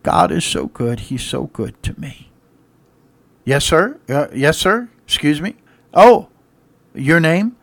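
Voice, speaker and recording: A man preaching a sermon, acting out the stories of people Jesus helped in first-person monologues, swinging from loud to hushed. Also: a little high, sing-song, takes it slowly, gravelly, pauses often, no room sound. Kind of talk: dramatic sermon with character monologues.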